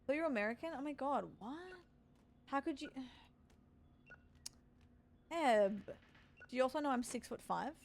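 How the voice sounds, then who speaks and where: A woman's voice: high voice, lively intonation, unhurried, long pauses, darkish tone, a little hiss or hum. Playful Australian woman in her forties. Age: 40s. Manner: playful, teasing banter, answering chat. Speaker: streamer. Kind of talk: casual chat with viewers.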